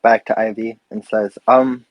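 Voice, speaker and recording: A man's voice: lowish voice, little pitch movement, measured pace, dry recording, dull audio. A man playing a tabletop game, hesitant and thinking aloud. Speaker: player.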